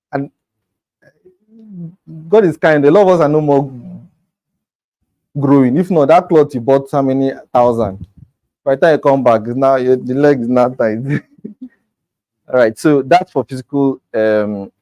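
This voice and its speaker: A man's voice: mid-range voice, dark tone, no room sound, low-quality recording. Guy giving a sales lesson, chatty, dry close sound. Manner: conversational, acts out quoted lines. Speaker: real estate sales coach. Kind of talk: informal coaching talk.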